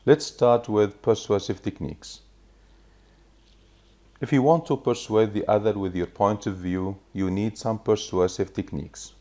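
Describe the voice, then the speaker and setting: A man teaching a recorded revision lesson, explaining each point in a measured way and reading examples aloud. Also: fairly low pitch, darkish tone.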